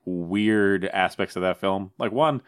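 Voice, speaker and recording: A man's voice: low-pitched, slow pace, smooth. A young man in casual podcast chat, rambling with lots of filler words. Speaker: podcast co-host.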